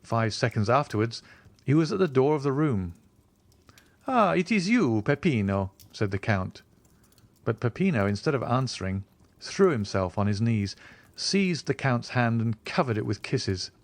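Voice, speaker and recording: A man narrating a classic novel as an audiobook in scripted literary narration, recorded on a close studio mic with an expressive, steady storytelling manner. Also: mid-range voice, moderate pace, no room sound.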